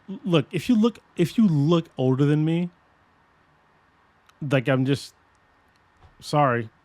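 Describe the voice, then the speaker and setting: A man in his forties talks casually on a podcast, swearing freely and circling back through his own sentences. His voice sits a little high for a man. The sound is dry and close, with no room around it. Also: unhurried, long pauses, no room sound. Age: 40s. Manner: rambling, profane and animated, with many restarts. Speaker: podcast host. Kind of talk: casual chat.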